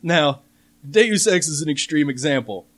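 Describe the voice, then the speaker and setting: A man hosting a casual gaming podcast, laying out details with wry, deadpan sarcasm. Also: fairly high pitch, moderate pace. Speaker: podcast host. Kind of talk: casual panel chat.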